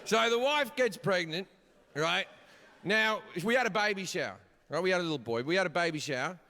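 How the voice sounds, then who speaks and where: Brash, profane middle-aged comedian. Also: male voice, sits high, animated, fairly quick, bright, forceful tone. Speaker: stand-up comedian. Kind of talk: stand-up comedy set. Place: comedy stage before a live audience. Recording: live hall reverb, audience noise.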